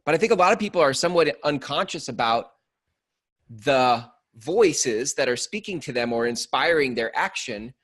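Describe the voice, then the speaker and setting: A man's voice: medium pitch, expressive, moderate pace, fairly bright tone. A man co-hosting a podcast, speaking reflectively and casually, with loose fillers and restarts. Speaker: co-host. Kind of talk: podcast conversation.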